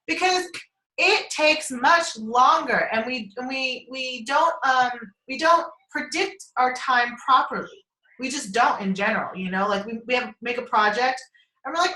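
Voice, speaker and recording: Speaking at a measured pace, a woman with a high, pushed and bright voice chats casually on a team group call. She drifts from topic to topic, laughing and swearing freely, and the conference call line picks up an echoey room.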